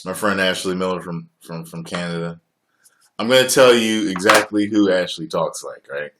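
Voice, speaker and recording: A man in his forties from the United States, chatting casually on a livestream as host, profane and quick to laugh. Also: low voice, slight background noise. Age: 40s. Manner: profane, laughs often, swings loud and soft.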